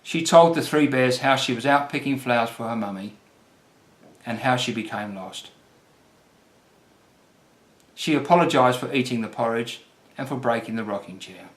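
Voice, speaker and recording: A man reading a children's fairy tale aloud as the storyteller, gentle and unhurried. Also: medium pitch. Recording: roomy echo.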